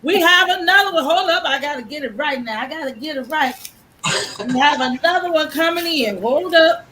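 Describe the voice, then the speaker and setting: A woman hosts a live stream show, bubbling over with excitement as she calls in her guests. Her voice sits high and sounds bright. A faint hiss runs under the video-call audio. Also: normal speed, rough recording. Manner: excited, effusive, laughing and shouting greetings. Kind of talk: enthusiastic live stream introductions.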